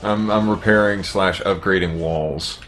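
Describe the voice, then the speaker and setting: Low-voiced, laughing gamer guy. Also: steady tone, unhurried, fairly bright tone, soft background music. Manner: chatty, laughs often, restarts words. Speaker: game player. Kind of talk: casual gaming voice chat.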